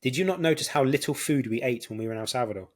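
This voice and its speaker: A man as a podcast guest, explaining health ideas in earnest and slowing down on key words. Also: medium pitch, lively intonation. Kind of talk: casual interview chat.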